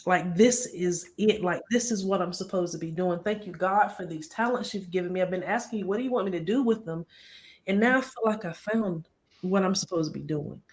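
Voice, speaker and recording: A woman's voice: lowish voice, fairly quick. A woman in her forties hosting a casual group live stream over a video call, earnest and upbeat, speaking in bursts with frequent restarts. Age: 40s. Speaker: channel host of a live stream.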